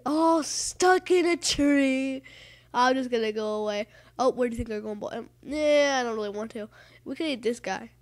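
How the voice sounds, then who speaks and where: Woman, high voice, gaming commentary, excitable, rambling, taunts opponents. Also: fast talker. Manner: excitable, rambling, talks to rival players. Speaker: gaming channel host. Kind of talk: casual gameplay commentary.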